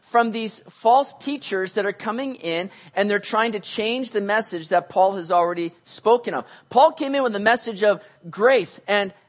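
A pastor preaching a sermon, animated, switching between loud emphasis and hushed asides, and acting out quoted voices. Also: medium pitch, moderate pace, few pauses. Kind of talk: sermon teaching on a Bible passage.

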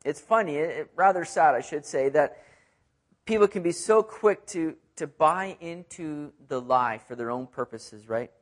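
A man's voice: on the high side, expressive, a little slow. Guy preaching a bible sermon, talky and emphatic, keeps tossing in little asides and doubling up words. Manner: conversational preaching with frequent "right?" asides; emphatic, repeats words when stressing a point. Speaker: pastor. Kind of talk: expository sermon.

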